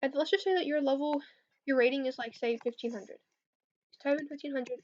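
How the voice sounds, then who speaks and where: Young woman, high voice, casual livestream coding Q&A, hesitant and filler-heavy, slightly dull lo-fi audio. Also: fairly even intonation, fairly quick, darkish tone, slight background noise. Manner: hesitant, filler-heavy, answers chat questions. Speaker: competitive programming streamer.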